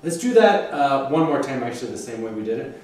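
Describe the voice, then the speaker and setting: A man coaching a student through a clarinet lesson, patient and encouraging, often counting out beats. His voice sits at an ordinary middle pitch. He is picked up from a distance in a very echoey room with faint background noise. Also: big pitch swings, fast talker, darkish tone. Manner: encouraging, counts aloud and sings phrases. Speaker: clarinet teacher. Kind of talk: one-on-one music lesson.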